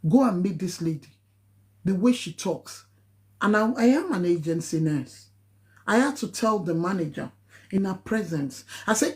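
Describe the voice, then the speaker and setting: A woman's voice: animated, moderate pace. A woman with a Nigerian accent, a nurse giving an impassioned live-stream talk in an emphatic, preachy manner. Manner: emphatic, preachy, rising to high exclamations.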